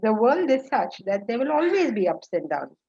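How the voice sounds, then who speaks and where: A woman's voice: a little high, sing-song, normal speed, gravelly, warm tone, husky. A woman with an Indian accent teaching a scripture class in a conversational way, often checking in with her listeners and repeating phrases in lists. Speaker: spiritual teacher. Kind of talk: scripture lecture. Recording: dull lo-fi recording.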